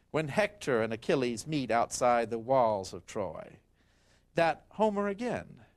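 A man giving a history lecture, retelling an ancient tale dramatically and acting out the quotes. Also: a little high. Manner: dramatic and expressive, acts out quotes. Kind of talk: storytelling lecture.

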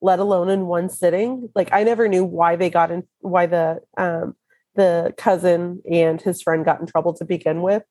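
A woman co-hosting a podcast in casual chat, a bit hoarse from illness, telling stories with frequent laughs. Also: fairly low pitch, steady tone, normal speed, warm tone, no echo. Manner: laughs often, chatty storytelling. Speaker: podcast co-host.

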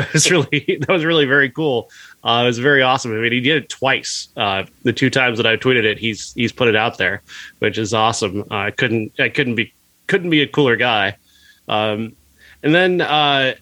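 A man co-hosting a film podcast in a bright, sharp voice. He rambles eagerly and restarts his sentences often. The sound is dry and close. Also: mid-range voice, no room sound, low-quality recording. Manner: enthusiastic, rambling, lots of "uh" restarts. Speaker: podcast co-host and film critic. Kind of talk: casual podcast chat.

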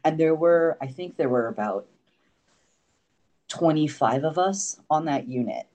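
Speaking at a measured pace, a podcast guest with a slightly high, somewhat mellow voice and lively intonation tells a long, loose story. He scatters in fillers and casual cursing, laughing frequently between remarks.

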